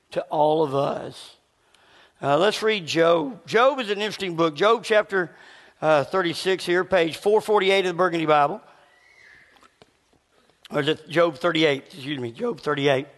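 Preacher guy, kinda high voice, throat a bit scratchy, easygoing sermon, big echoey church. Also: a bit bright. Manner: conversational preaching with a slight rasp, pauses to cough. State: scratchy voice needing a cough drop. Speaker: pastor. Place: church sanctuary with long reverb.

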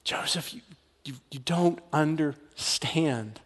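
A man voicing a young woman confessing to her fiancé, speaking in a hushed, pleading way, with long hall reverb. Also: on the high side, slow pace, slightly rough, heavily acted. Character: young woman Mary, earnest and fearful.

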